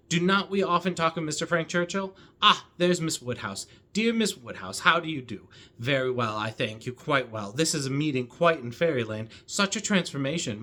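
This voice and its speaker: A man's voice: mid-range voice, pushed and bright. A man reading aloud as a talkative middle-aged spinster who rambles breathlessly from one topic to the next. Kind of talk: reading a novel's dialogue aloud.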